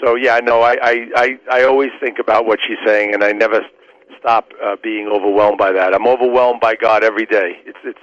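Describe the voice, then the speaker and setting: A man's voice: fairly low pitch, fairly even intonation, brisk, a bit bright. A man who works as a trial lawyer, a guest on a radio interview, explaining his points earnestly in persuasive, lawyerly terms. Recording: dull lo-fi radio sound.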